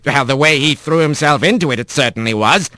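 A man voicing an older, gravelly-voiced male bird doctor who speaks in a measured, gruff, matter-of-fact way. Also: fairly high pitch, lively intonation, bright, forceful tone, no room sound.

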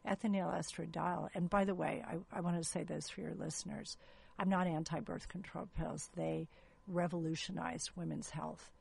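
A woman's voice: fairly low pitch, fairly even intonation, normal speed, vocal fry, darkish tone, husky. A woman gynecologist explaining earnestly as a guest in an interview.

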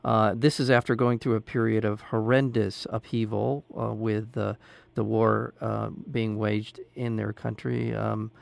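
A man's voice: on the low side, little pitch movement, measured pace, creaky, no echo. A man hosting an interview, speaking hesitantly with many uhs and ums. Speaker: interview host. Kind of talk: casual interview talk.

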